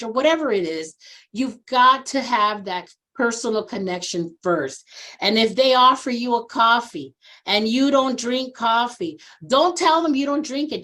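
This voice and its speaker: A woman in her sixties, a social worker being interviewed, tells stories at a measured pace, animated and earnest. She acts out what people said, with big pitch jumps for the quoted voices, and turns reflective on personal topics.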